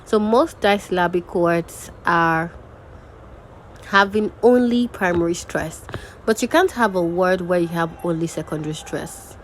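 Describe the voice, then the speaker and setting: A woman's voice: lowish voice, a little slow, slight background noise, poor audio. A young woman teaching a recorded diction lesson, patiently repeating example words aloud. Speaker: diction and grammar tutor.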